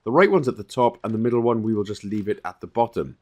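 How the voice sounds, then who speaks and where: A man casually talking through a puzzle game walkthrough, relaxed and chatty, with fillers and quick self-corrections. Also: lowish voice. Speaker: game guide creator.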